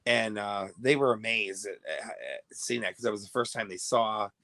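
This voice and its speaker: A man's voice: on the low side, normal speed, pushed and bright, no echo. A man hosting his own show, telling a long rambling story to viewers in a chatty, self-interrupting way. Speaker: host.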